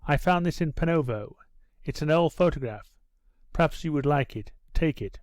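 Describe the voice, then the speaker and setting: A man's voice: a little high, lively intonation, normal speed, a little mellow, no echo, natural voice. A man reading an earnest, resolute nobleman.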